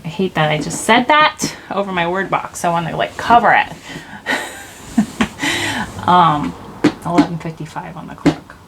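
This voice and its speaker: A woman's voice: on the low side, expressive, a little slow, gravelly, long pauses, noisy background. Chatty woman doing a tarot reading. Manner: rambling, chatty, laughs at herself. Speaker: tarot reader. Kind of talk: casual channelled tarot reading. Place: home, indoors. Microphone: desk microphone.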